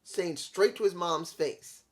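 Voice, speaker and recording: A man's voice: high-pitched, slow. A man reviewing a wrestling show on his own, emphatic and opinionated, repeating his points in short punchy lines. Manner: opinionated, repetitive, emphatic rants. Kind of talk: solo video review.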